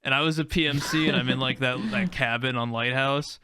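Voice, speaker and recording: A man hosting a podcast in casual chat, excitable and rambling, with casual swearing. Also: mid-range voice, fairly quick, smooth, no echo. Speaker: podcast host.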